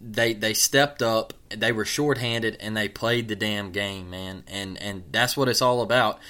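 A man's voice: on the low side, fairly even intonation, a little slow, bright, forceful tone. A man hosting a casual sports podcast, laid-back and drawling, saying "man" often. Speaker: podcast host.

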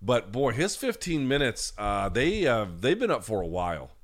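A man's voice: mid-range voice, big pitch swings, moderate pace. A man hosting a live chat, ranting bluntly and with plenty of profanity, now and then mocking people in put-on voices. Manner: mocks others in put-on voices. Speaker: host.

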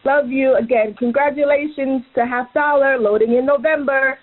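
A woman's voice: high-pitched, steady tone, normal speed. A woman from Maryland leaving a bubbly, enthusiastic voicemail for a podcast. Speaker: caller. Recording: phone line.

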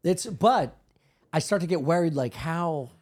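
A man's voice: fairly high pitch, expressive, measured pace, darkish tone, husky. A man co-hosting a podcast, joking crudely and laughing often in a casual chat. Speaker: podcast co-host.

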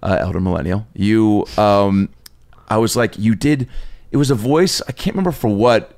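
A man hosts a casual podcast conversation in a fairly low voice. He talks in a relaxed, rambling way and chuckles along with his guest. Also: normal speed. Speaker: podcast host.

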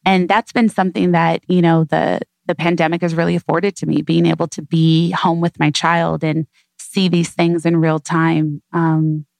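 Earnest woman guest, kinda low voice, thoughtful, dry close sound. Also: little pitch movement, moderate pace, gravelly, dry recording. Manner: earnest, warm, reflective, speaks in repeated emphatic phrases. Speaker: interview guest. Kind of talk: reflective conversational interview.

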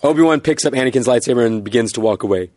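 A man's voice: medium pitch, a little mellow, no room sound, studio quality. A man hosting an improv comedy game show, reading stage directions and explaining rules in an upbeat way. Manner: upbeat, quick to laugh.

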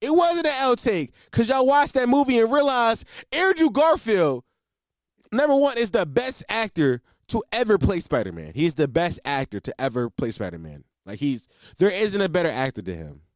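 A man with a fairly high voice talks through a movie in a casual podcast chat. His pitch swings all over as he gets emphatic, sprinkling in fillers and swearing. The sound is close and dry. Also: big pitch swings, moderate pace, no room sound. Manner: loose and emphatic, heavy on "like" and profanity. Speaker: podcast host.

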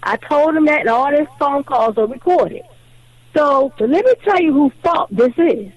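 A very high-pitched woman calls in to a talk radio show. She tells her story in an animated, indignant way. The phone line sounds dry and close. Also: normal speed, no room sound. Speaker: caller.

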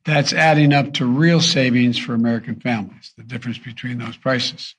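Older guy giving a speech, raspy gravelly voice, keeps stumbling. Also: mid-range voice, steady tone, fairly bright tone. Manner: halting, stumbles and restarts. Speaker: politician in a played clip. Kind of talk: prepared speech.

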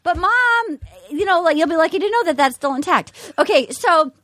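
A woman hosting a podcast, chatting in a gossipy, animated way and laughing often. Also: extremely high pitch, normal speed. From New England, US. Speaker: podcast host. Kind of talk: casual chat.

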